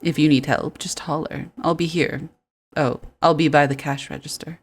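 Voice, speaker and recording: A woman voicing a calm, polite male general store owner in a game, speaking softly and measured. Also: sits low.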